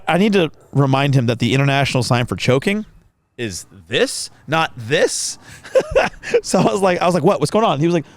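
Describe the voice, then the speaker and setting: A man co-hosting a podcast in casual chat, telling a story with lively acted-out quotes. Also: fairly high pitch, vocal fry, no room sound. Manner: animated storyteller acting out quotes. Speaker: podcast co-host.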